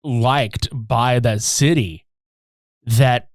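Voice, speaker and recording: A young co-host on a movie-review podcast talks very slowly in a medium-pitched voice, yet sounds excited as he profanely recaps a film's plot. He laughs often and plays out scenes in voices. The sound is dry and studio-clean.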